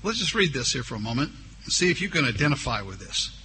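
A man's voice: medium pitch, sing-song, pushed and bright, a little hiss or hum. A man preaching a sermon, reading scripture aloud, drawing out key words and voicing the objections his listeners might raise. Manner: slow, drawn-out emphasis on key words; voices imagined objections from listeners.

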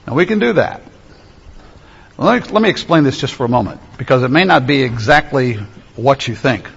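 A man preaching a sermon, emphatic, stretching key phrases slowly. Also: medium pitch, gravelly, breathy edge. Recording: echoey hall, dull lo-fi sound.

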